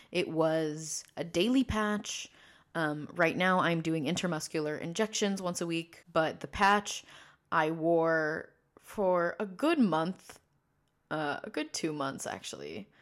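A young trans man in his early twenties hosting a personal podcast, talking in a rambling way, with many fillers, restarts and tangents. He speaks in a fairly high voice he has trained himself to use. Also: fairly bright tone. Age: early 20s. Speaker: podcast host.

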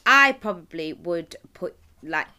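Lively, bright-voiced woman. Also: on the low side, measured pace. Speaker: podcast co-host. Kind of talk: casual chat.

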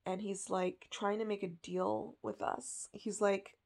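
A woman's voice: medium pitch, little pitch movement, slow pace, vocal fry. A woman hosting a podcast, telling a story in a casual, chatty way with lots of fillers. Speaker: podcast host.

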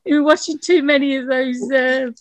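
A woman's voice: high-pitched, steady tone, normal speed, dry recording. A woman hosting a casual interview podcast, eager and chatty, with many "uh" fillers. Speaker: podcast host.

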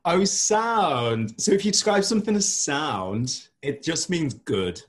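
A man's voice: on the high side, big pitch swings, slow pace. A man with a Liverpool Scouse accent chats casually as a podcast host. He laughs often and drops in the odd swear word. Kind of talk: casual chat.

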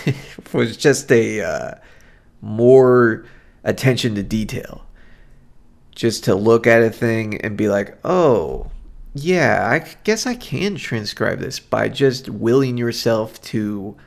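A man's voice: on the low side, gravelly. A man hosting a solo podcast, talking in a rambling, self-deprecating and reflective way. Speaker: podcast host. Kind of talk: casual solo podcast monologue.

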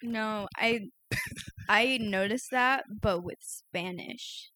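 A young woman from the United States in casual chat, telling stories in a relaxed way, full of "like" and laughter. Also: medium pitch, takes it slowly, no echo. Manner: relaxed, filler-heavy storytelling with frequent laughs.

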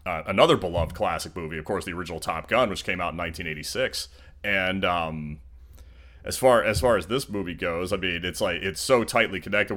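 Man, deep low voice, podcast co-host, casual rambling chat, lots of fillers. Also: a bit bright. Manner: rambling, with many fillers and restarts.

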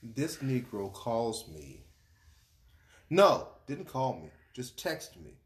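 A man's voice: mid-range voice, big pitch swings, takes it slowly. A man talking in casual chat, laid-back and teasing as he recalls hearing a friend's news.

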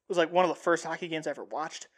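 A young man hosting a sports show, talking casually and excitedly in a rambling way with many restarts. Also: on the high side, racing. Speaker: sports podcast host. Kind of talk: casual sports talk monologue.

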